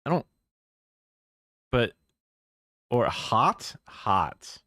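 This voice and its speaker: A man's voice: mid-range voice, sing-song, drawn-out words, pushed and bright, no room sound, studio quality. A man streaming live, reacting to a video in a musing, conversational way.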